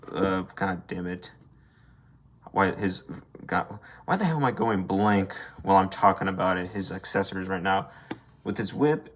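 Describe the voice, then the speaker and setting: A young man casually reviewing an action figure, rambling, swearing freely and airing blunt gripes. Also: low voice. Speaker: toy reviewer. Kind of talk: casual unscripted toy review.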